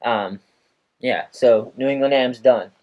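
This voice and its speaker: A man's voice: mid-range voice, slow, highs cut off. A young adult man hosting a podcast, chatting casually and telling stories with animation and plenty of swearing. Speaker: podcast host. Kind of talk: casual chat.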